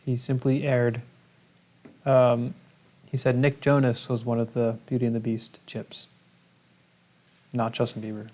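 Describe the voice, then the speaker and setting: A man's voice: medium pitch, monotone, unhurried, long pauses, dark tone. A man co-hosting a livestream in casual chat, reading viewer comments aloud and bantering playfully.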